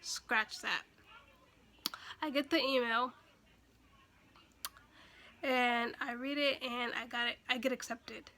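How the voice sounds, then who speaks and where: A woman's voice: fairly high pitch, steady tone, takes it slowly, long pauses, bright, forceful tone. A young woman telling a personal story in a chatty way, full of fillers and restarts, and emotional at moments. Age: young adult. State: emotional, near tears at times. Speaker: vlogger. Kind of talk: casual storytime.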